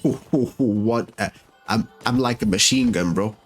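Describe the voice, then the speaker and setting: Over faint game music, a man with a lowish voice speaking at normal speed provides chatty commentary as he plays. As a let's-play host, he also talks directly to the characters in the game.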